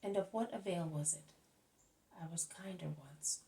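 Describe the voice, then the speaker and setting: A woman's voice: on the low side, mellow. A woman reading a grave, patient male teacher. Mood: stern. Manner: measured, earnest and instructive. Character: calm grave adult male teacher, patient but stern. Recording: voice slightly distant from mic.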